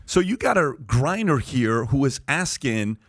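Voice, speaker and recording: A man's voice: medium pitch, sing-song, a little slow, fairly bright tone, dry recording. A man hosting a podcast, pressing his points with rhetorical questions to the panel. His voice sits in the middle range, and the studio sound is dry and close. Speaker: podcast host. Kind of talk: animated podcast talk.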